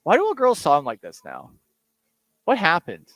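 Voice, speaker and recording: A man's voice: fairly high pitch, wildly swooping pitch, normal speed, fairly bright tone, no room sound. A man hosting a sports radio show, talking casually in a sarcastic, rambling, self-mocking way.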